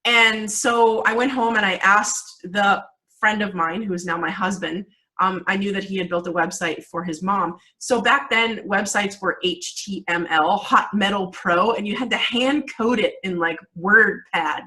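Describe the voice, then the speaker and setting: A woman in her forties, a guest in a casual interview, telling a story in an animated way, laughing often and using many fillers. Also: mid-range voice, a little slow, rough recording. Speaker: guest, video marketing coach.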